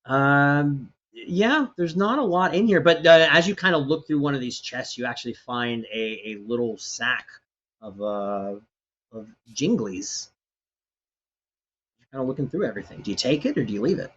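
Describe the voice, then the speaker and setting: A man's voice: medium pitch, expressive, moderate pace, fairly bright tone, highs cut off. A man narrating as game master, describing scenes in a rambling way with many fillers.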